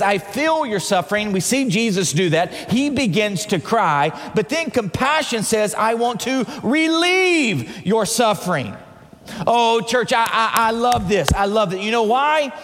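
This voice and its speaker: A man preaching to his church with a rather high voice. He moves from quiet, tender moments to fervent shouting. The sound rings with a long reverb, as if in a large sanctuary. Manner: passionate preaching that swings from hushed to shouted. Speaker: pastor. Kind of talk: sermon.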